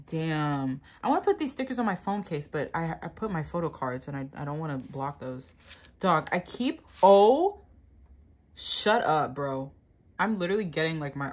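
A young woman vlogging an unboxing in casual chat, excitable, swearing a lot and breaking into gasps and squeals. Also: low-pitched.

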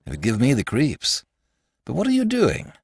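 A man's voice: mid-range voice, huge pitch swings, moderate pace, creaky, slightly rough, no room sound, studio quality, pitched above the performer's own voice, full character voice. A man voicing a jolly, blunt, skeptical country doctor with a hearty, dismissive manner.

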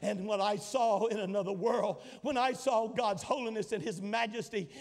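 High-voiced preacher in his sixties, shouting. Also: steady tone, moderate pace. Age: 60s. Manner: preaching with rising shouts and dramatic repetition. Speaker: pastor. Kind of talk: sermon. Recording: long hall reverb.

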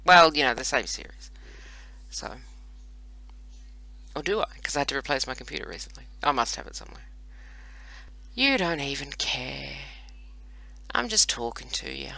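A woman's voice: extremely low pitch, animated, brisk, vocal fry, pauses often, bright, forceful tone, poor audio. A woman hosting casual gameplay commentary, rambling and chatty with self-mocking asides, recorded on a computer microphone. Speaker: host playing a browser strategy game.

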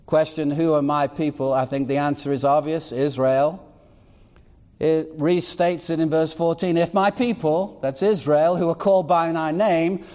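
A pastor with a notably high voice delivers a sermon, reading scripture passages aloud and breaking in with pointed rhetorical questions. His words ring out with the long reverb of a church hall. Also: darkish tone.

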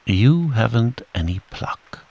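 A man voicing a fussy, self-important male rabbit in a storybook reading, solemn and brisk. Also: mid-range voice, big pitch swings, gravelly, a little mellow, husky, pitched above the performer's own voice, exaggerated voice. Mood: scolding.

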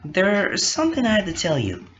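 Man playing a guilty young woman: high pleading voice, lively swings, slow and lo-fi. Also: exaggerated voice. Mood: tearful. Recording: dull lo-fi recording.

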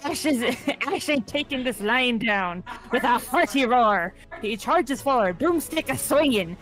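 A woman's voice: a little high, lively intonation, a little slow, fairly bright tone, poor audio. A woman voicing a swaggering pirate captain who announces a battle, in a hammy pirate accent that keeps breaking into giggles. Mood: boisterous. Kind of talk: reading an AI battle narration aloud.

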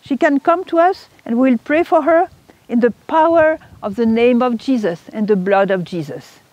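A woman's voice: medium pitch, very animated, a little fast, slightly rough, dry recording. A woman voicing a fervent woman who proclaims urgently at a prayer meeting. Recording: dull lo-fi recording.

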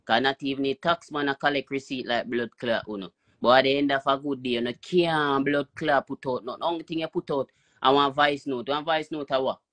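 A man's voice: mid-range voice, fairly even intonation, a little fast, a bit bright. A Jamaican man in mid-range voice ranting into a phone, swearing and repeating himself for emphasis. He talks in a loose, heated flow on a live stream. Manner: cursing, emphatic, repetitive.

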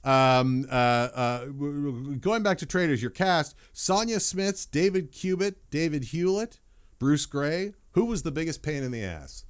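Brief: male podcast host, animated pitch, enthusiastic with stammering restarts, casual interview. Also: a little slow, clear, resonant tone. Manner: enthusiastic, stammering, quiz-style questions.

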